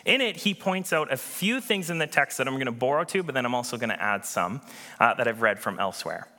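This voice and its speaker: A man's voice: medium pitch, animated, bright, forceful tone. Earnest man preaching in a hall. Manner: earnest, emphatic preaching with dramatic pauses. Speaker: pastor. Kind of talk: sermon.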